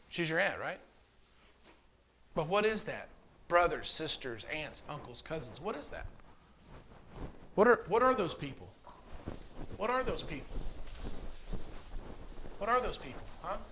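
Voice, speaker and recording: A man's voice: on the high side, very animated, unhurried, long pauses, pushed and bright, a little hiss or hum. A man teaching a children's communion class, coaxing answers with repeated questions. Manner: coaxing, asks questions over and over. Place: church classroom.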